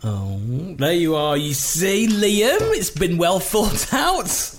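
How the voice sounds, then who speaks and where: A man hosts a relaxed podcast. His voice sits a little high and moves around a lot as he chats and reads out listener emails, with a faint hiss underneath. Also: takes it slowly. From Newcastle, England. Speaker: podcast host. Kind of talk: casual podcast chat.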